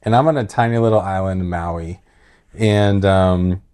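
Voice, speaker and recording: Casting note: lower-voiced man, podcast host, animated casual storyteller. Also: normal speed, clear, resonant tone. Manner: animated, laughing retelling that drops to quiet, heavy tones.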